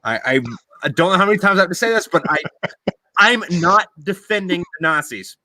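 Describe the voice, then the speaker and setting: Ranting with plenty of swearing and stammered restarts, a U.S. podcast host talks casually on a video podcast. His high voice is animated, fairly quick, pushed and bright, captured in a dry recording.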